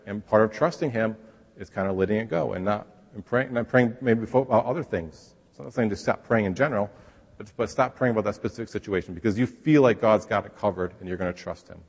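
A man preaching a sermon in a relaxed, conversational way, sometimes acting out the voices he quotes. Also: fairly low pitch, fast talker, slightly rough, long reverb tail. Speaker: pastor.

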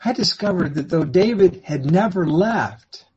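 A man preaching in first-person storytelling, swinging between hushed and fervent delivery. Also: high-pitched, animated, a little slow, dull audio, a little hiss or hum.

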